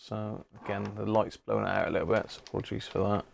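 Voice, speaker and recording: A man's voice: fairly low pitch, flat delivery, quick pace, gravelly, a little hiss or hum. A middle-aged British man hosting a live stream, chatting casually and greeting viewers by name between frequent chuckles. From Britain. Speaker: live-stream host, radio restorer.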